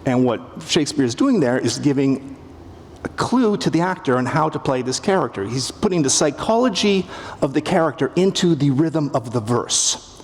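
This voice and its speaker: A man's voice: a little high, animated, moderate pace. A middle-aged man with a Canadian accent giving a wry, humorous public lecture on a theatre stage, acting out quotes as he goes. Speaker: literature professor lecturing. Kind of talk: public lecture to a live audience. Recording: long reverb of a big hall, faint ambience.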